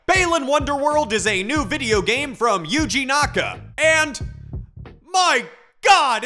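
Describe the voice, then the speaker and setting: A young adult game reviewer tears into a disappointing game in a high, very lively voice that swoops up and down. The delivery is a profane comedic rant, breaking into yells again and again, with faint music underneath. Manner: explosive, swearing, yelling in bursts.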